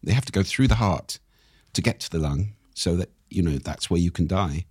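A man, a speaking coach, explaining in conversation with lively, demonstrative intonation and a husky voice. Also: low voice, fairly quick, dry recording, clean studio sound.

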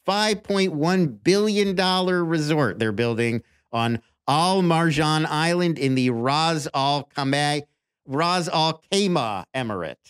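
A man's voice: a little high, expressive, slow, smooth. A man co-hosting a podcast who chats casually, reads researched facts aloud and does an upbeat sponsor read. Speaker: podcast co-host. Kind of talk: casual chat and live ad read.

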